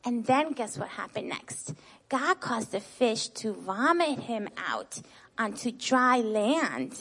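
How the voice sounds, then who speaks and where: Retelling a Bible story to children, a woman is lively and expressive, ending almost every sentence with "right?" and posing questions she then answers herself. Her voice is a little high, slow and gravelly, with a breathy edge.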